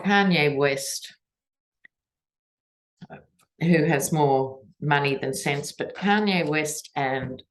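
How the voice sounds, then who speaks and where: A woman with an Australian accent doing a tarot reading and talking to camera in a chatty, digressive, wry way. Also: low voice. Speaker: tarot reader and political commentator. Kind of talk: casual chat to camera.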